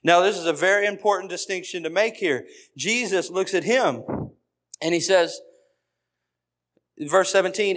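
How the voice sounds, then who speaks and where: A man's voice: high voice, normal speed, long pauses, a bit bright. A man preaching an evening sermon, building points through emphatic repeated phrases. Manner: emphatic, repetitive preaching cadence.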